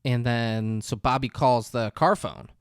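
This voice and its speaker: A man's voice: unhurried, smooth, no room sound, studio quality. Man animatedly retelling a movie plot. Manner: animated retelling, jumps into high put-on voices for characters. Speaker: podcast co-host. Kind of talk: casual movie recap chat.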